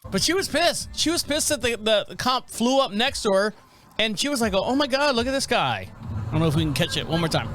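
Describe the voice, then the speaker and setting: A man's voice: sits high, fast, slight background noise. A man hosting a podcast, rambling in casual commentary about viral videos and acting out what people said. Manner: rambling, animated, acts out quotes. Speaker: podcast host.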